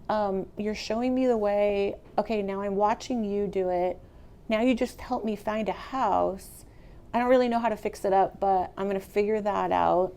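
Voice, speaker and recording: A middle-aged woman giving a motivational real estate talk to a live audience, chatty and animated, speaking straight to the room. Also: medium pitch. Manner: conversational, animated, addresses the audience directly.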